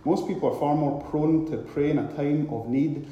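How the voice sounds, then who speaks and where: A man preaching a sermon, retelling a scripture story with animated, repetitive emphasis, recorded in a very echoey hall. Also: a little high, normal speed, muffled recording.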